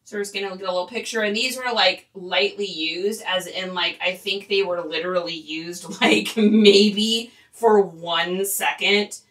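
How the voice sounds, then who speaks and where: Chatty woman reseller, bright voice. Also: medium pitch, steady tone, measured pace, hardly any pauses, far from the mic. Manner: chatty and rambling, with fillers and laughs. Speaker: online reseller. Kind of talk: casual chat while photographing stock.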